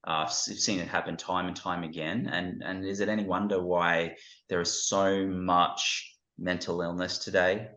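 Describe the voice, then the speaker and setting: A man's voice: deep voice, flat delivery, normal speed, pushed and bright. A man speaking as an interview guest, talking earnestly and reflectively with many restarts, recorded with a dull, roomy sound. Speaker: guest, ministry founder.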